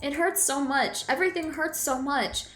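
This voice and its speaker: A woman's voice: high voice, normal speed, a bit bright, echoey room. A woman reading as a sad, anxious schoolgirl. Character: gentle anxious teenage girl, sad and clingy.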